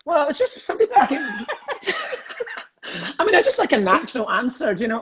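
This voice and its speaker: A man's voice: very high-pitched, very animated, fairly quick, heavy background noise. A Scottish man, a comedian, chatting cheekily on a video call and laughing often. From Scotland. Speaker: comedian guest. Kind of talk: casual chat on a video call.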